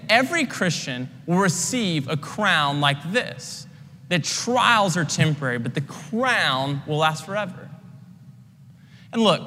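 Young male pastor, bright and slightly high voice, casual filler-heavy sermon delivery, reverberant hall. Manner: earnest, conversational, frequent "like" fillers.

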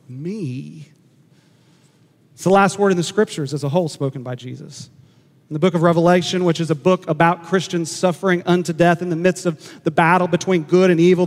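A man preaching a sermon to his congregation, earnest and emphatic, repeating key words and pausing to let them sink in. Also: high voice, a little mellow. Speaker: pastor. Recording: hall reverb.

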